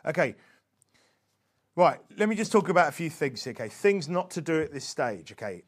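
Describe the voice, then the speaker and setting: Man, high-pitched, earnest religious instructor, emphatic, conversational, restarts phrases. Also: sing-song, normal speed. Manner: earnest, emphatic, tags lines with "okay?". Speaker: evangelism instructor. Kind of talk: informal religious teaching talk.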